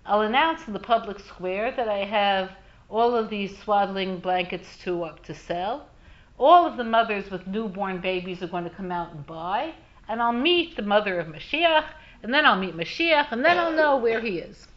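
A woman's voice: medium pitch, expressive, normal speed, muffled recording, lightly acted. Woman doing an earnest hopeful plowman. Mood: planning. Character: plowman turned cloth seller, a hopeful man.

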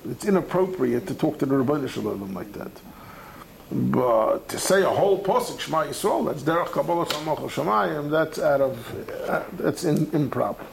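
A man's voice: a little high, moderate pace, creaky, slight background noise, poor audio. A man giving a Talmud study lecture, talking animatedly and conversationally as the teacher. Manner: animated, conversational, acts out the texts he quotes.

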